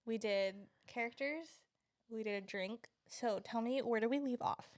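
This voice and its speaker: A woman co-hosting a relaxed book podcast, her voice pitched a little high. She rambles from one funny story to the next and breaks into giggles often. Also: normal speed. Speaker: podcast co-host. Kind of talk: casual chat.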